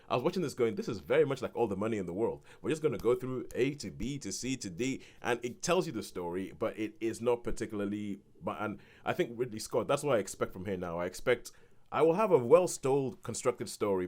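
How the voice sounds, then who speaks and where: A man giving a casual spoken film review on a podcast, rambling with many restarts and turning animated when he quotes people. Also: medium pitch.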